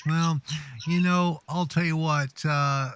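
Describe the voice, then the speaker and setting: A man's voice: fairly high pitch, steady tone, slow, fairly bright tone, clear, resonant tone, no echo. A man hosting a live stream who chats casually and upbeat, reading viewer comments aloud. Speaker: host of a live stream show.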